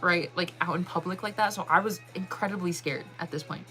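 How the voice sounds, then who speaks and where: A woman hosting her own channel, telling a story to viewers in a casual, animated way, laughing often and saying "like" a lot. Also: on the low side, brisk, soft background music, rough recording. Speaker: channel host.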